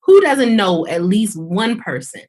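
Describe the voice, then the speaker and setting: A woman's voice: mid-range voice, sing-song, unhurried, a little mellow. A woman surgeon as a podcast guest, telling her story candidly and with animation, using casual slang. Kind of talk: conversational podcast interview.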